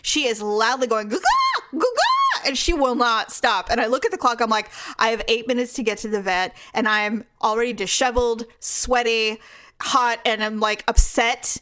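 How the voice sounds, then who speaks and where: A woman with a fairly high voice tells a story on a casual podcast. She jumps into lively acted-out quotes and animal noises along the way. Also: moderate pace, slight background noise. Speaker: podcast co-host.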